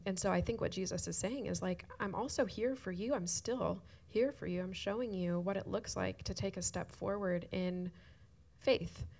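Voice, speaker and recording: A woman's voice: fairly low pitch, creaky, a little mellow. A woman speaking earnestly in a shared church talk, tearful at times. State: crying at times.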